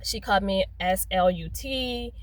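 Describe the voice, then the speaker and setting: A woman's voice: medium pitch, measured pace, no room sound, poor audio. Rambling young woman telling a story. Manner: rambling, full of "like" and "um", self-censoring curses. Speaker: storyteller vlogger. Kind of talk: casual storytime monologue.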